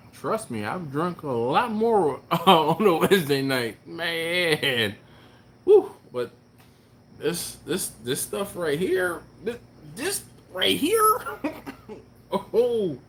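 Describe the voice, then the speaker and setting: A man hosting a barbecue live stream, chatting casually and reading viewer comments aloud, with a laid-back, chuckling manner and drawn-out exclamations. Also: a little high, fairly bright tone, a little hiss or hum. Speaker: barbecue channel host.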